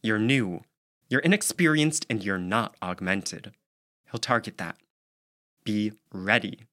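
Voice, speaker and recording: A man's voice: lowish voice, slow, pushed and bright. A man reading an audiobook, voicing a frustrated young woman whose voice sounds raw as she scolds a newcomer. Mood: strained. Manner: emotional, strained and scolding. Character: young girl soldier, raw, frustrated and bossy.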